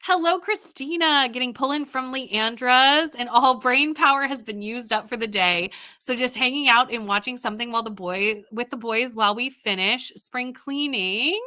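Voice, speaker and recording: A woman's voice: a little high, moderate pace, hardly any pauses, bright, forceful tone. A woman hosting a casual livestream, tired but bubbly, laughing often as she reads out viewer comments and greets people. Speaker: livestream host.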